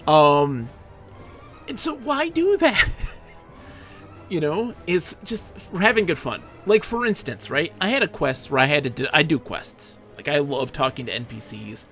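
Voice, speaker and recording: A man's voice: a little high, sing-song, unhurried, a bit bright, soft background music. A young man streaming a game, chatting enthusiastically and rambling with frequent laughs. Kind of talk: casual live-stream game commentary.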